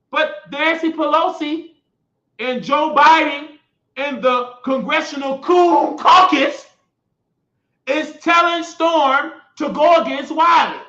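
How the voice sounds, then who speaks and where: A man rants heatedly as host, his voice swinging between outbursts and muttered asides, stumbling over restarts. The sound carries a roomy echo and a dull, lo-fi edge. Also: extremely high pitch. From United States. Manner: heated, shouting at times, rambling with restarts. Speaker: show host. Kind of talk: impassioned political monologue. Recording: echoey room, dull lo-fi sound.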